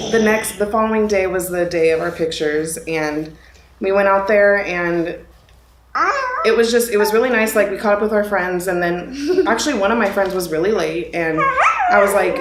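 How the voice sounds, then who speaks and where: A young woman tells the story of her engagement in a loose, lively way, often breaking into laughter. Her voice sits in a middle range. The recording sounds roomy, with steady noise behind her. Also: medium pitch, moderate pace. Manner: animated, laughing as she retells the day. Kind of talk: casual storytelling to camera.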